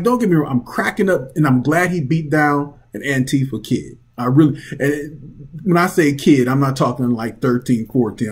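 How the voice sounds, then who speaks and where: Man, vlog ranter at home; fairly high, husky voice, profane, mocking. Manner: blunt, profane, mocking, laughs often. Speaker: vlog commentator. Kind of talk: casual opinion rant.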